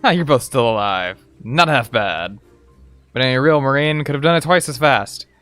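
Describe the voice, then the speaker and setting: A man reading out a gruff, harsh male Marine drill sergeant from a video game, barking insulting commands. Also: mid-range voice, animated, normal speed, fairly bright tone, dry recording, soft background music, close to an everyday voice. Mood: scornful.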